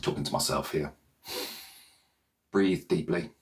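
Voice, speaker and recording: A man's voice: very deep voice, unhurried. A man, a meditation teacher and author, talking casually and loosely to viewers, often checking in with "okay?". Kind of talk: casual rambling talk to viewers.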